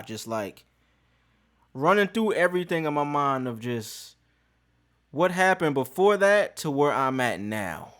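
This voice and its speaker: A man's voice: medium pitch, a bit bright. A man hosting a podcast, telling a story in casual street slang with plenty of profanity. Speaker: podcast host.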